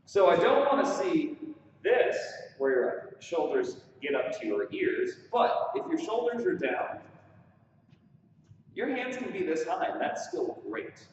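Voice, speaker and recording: A man's voice: high-pitched, very animated, unhurried, slight background noise. A man teaching waltz exercises, counting beats aloud as he dances and encouraging the viewers. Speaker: dance instructor. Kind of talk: follow-along dance drill instruction. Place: studio with large windows. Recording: echoey room, far from the mic, dull sound.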